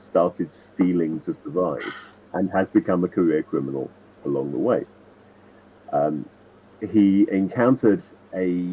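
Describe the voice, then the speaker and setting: A man's voice: sits low, slightly rough. A man at a tabletop game, chatting casually and explaining his characters in rambling, self-correcting asides. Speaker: tabletop player. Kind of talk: casual chat. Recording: dull lo-fi sound, faint noise.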